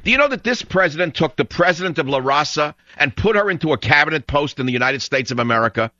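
A man's voice: on the high side, animated, fast talker, bright, forceful tone, dry recording, muffled recording. A man hosting a talk radio show, ranting in a sarcastic, combative monologue.

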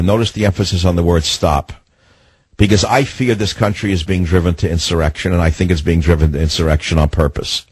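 A man's voice: sits low, a little mellow, husky, no echo, rough recording. An older man hosting a political talk radio show, delivering an emphatic, combative monologue with lots of repetition.

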